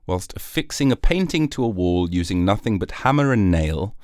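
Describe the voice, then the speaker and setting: A man's voice: sits low, big pitch swings, moderate pace, a little mellow, dry recording, studio quality. A British man hosting his own podcast, rambling through a jokey, sarcastic solo monologue. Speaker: podcast host.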